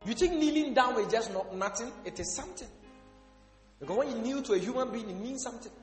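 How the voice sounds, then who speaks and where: A male pastor preaching a sermon, asking the congregation questions and breaking into sudden shouts. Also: very high voice, animated, quick pace. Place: church hall. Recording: echoey hall with faint music.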